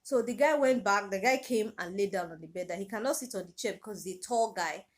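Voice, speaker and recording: A young Nigerian woman with a Nigerian accent retells a personal story in her vlog, her emotional delivery urgent and full of repeated phrases. Her voice sits in the mid-range and moves briskly.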